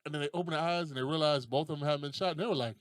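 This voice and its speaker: A young adult man hosting a casual podcast, telling stories in a profane, animated way and laughing often. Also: a little high, very fast, smooth, no echo, clean studio sound. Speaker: podcast host.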